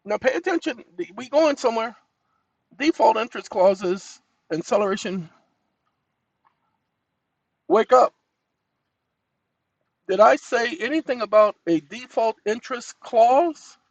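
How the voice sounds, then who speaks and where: A man hosting his own channel, speaking to viewers in a folksy, animated way while dictating to a voice assistant and telling it to wake up. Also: very high voice, normal speed, dry recording, poor audio. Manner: animated, scolding, commanding interjections; folksy, addresses audience as y'all. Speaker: channel host.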